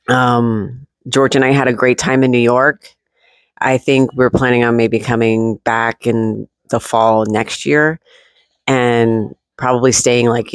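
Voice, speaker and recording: A man's voice: mid-range voice, dry recording. Rambling man keeping a casual video diary. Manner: rambling, loose, with many fillers and restarts; candid, with occasional swearing. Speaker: vlogger. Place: at home.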